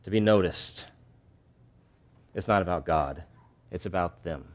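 A male pastor preaching a sermon, animated and conversational, acting out scenes from scripture. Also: deep voice, a little slow. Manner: animated, acts out disciples' voices.

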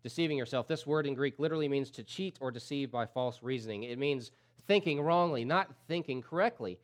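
A man preaching a sermon as pastor, repeating key phrases and swinging from loud emphatic peaks to low, quiet drops. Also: a little fast.

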